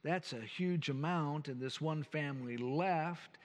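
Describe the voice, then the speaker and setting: Older male pastor, slightly high voice, folksy earnest sermon, long reverb of a church hall. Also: a little slow. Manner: folksy, earnest storytelling preacher.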